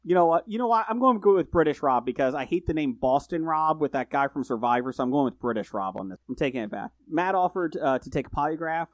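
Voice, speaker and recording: A man's voice: a little high, animated, fast talker, hardly any pauses, no echo. A man on a podcast as a guest, talking casually with rambling, self-correcting sentences and joking asides. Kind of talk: casual true-crime chat.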